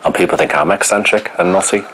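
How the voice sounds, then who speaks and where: Man, documentary subject: deep, camp, blunt, sardonic; background noise. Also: fast, a bit bright. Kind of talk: candid documentary talk. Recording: noisy room ambience.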